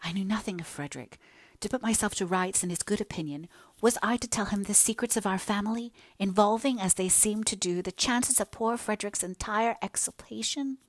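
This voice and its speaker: A woman's voice: medium pitch, a little fast, dry recording, lightly acted. A woman voicing an earnest, remorseful young woman in an audiobook, confessing in an emotional, pleading way. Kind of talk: audiobook character reading.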